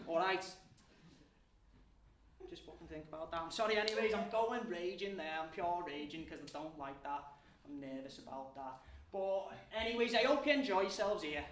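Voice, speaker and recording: A man's voice: high-pitched, lively intonation, normal speed, pauses often, fairly bright tone. Guy ranting crude stand-up at the crowd, echoey room, sounds far from the mic. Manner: crude, profane rant, addressing the crowd. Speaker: comedian. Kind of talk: live stand-up routine. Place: live venue before an audience. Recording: roomy, distant mic, faint noise.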